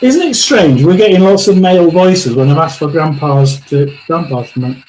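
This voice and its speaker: A man's voice: fairly high pitch, moderate pace, a little mellow, a little hiss or hum, poor audio. A man from England hosting a live tarot and spirit reading, musing aloud, talking to spirits and viewers, and laughing often. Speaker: psychic medium livestream host.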